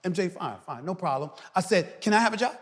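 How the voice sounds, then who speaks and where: A middle-aged man as a guest commentator, talking loudly and emphatically on a podcast. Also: high voice, fast talker. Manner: loud, animated, preacher-like emphasis. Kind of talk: emphatic podcast interview talk. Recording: reverberant room.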